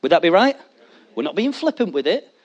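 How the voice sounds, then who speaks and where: A man preaching a sermon, animated and jokey, talking straight to his congregation. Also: high voice, brisk, muffled recording. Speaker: pastor.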